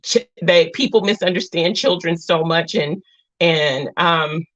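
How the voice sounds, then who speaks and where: A woman in her thirties hosts a live stream, chatting heartfelt and earnestly with viewers, wandering off topic and returning, warm, emotional and nearly in tears. Her voice is lowish and unhurried. The recording sounds dry, dull and lo-fi.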